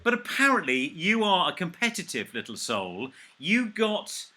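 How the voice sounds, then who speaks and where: A man's voice: sits high, very animated, normal speed, bright, forceful tone. A man hosting a casual chat, with teasing, playful banter. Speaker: podcast host, trainer.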